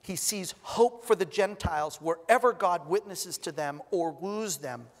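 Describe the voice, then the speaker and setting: Emphatic pastor in a reverberant church. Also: male voice, high voice. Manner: emphatic, stresses single words with long pauses; light humor between scripture readings. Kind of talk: sermon. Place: church sanctuary. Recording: long reverb of a church hall.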